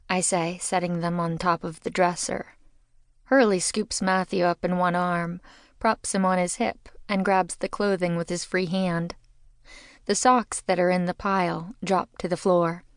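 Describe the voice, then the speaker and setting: A woman's voice: on the low side, little pitch movement, a little slow, no room sound, clean studio sound. A woman narrating a mystery audiobook in the first person, with a wry, conversational telling.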